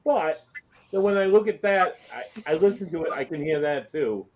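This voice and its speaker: A man with a somewhat high voice rambles through a casual group chat, drifting off topic as he talks. His sound is dull and lo-fi. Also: animated, normal speed, a little mellow. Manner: rambling, digressive.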